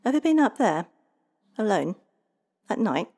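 A woman's voice: low voice, expressive, measured pace, gravelly, darkish tone, husky, heavily acted. A woman voicing a prim, demanding little male leprechaun in a storybook reading, with clipped, formal orders. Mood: imperious.

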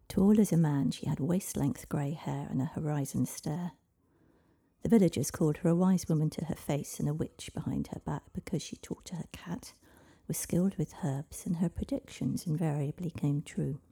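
A woman reading a storybook aloud in a soft, half-whispered delivery. Her voice sits low and very dark, breathy and husky with a gravelly grain. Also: normal speed. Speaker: narrator.

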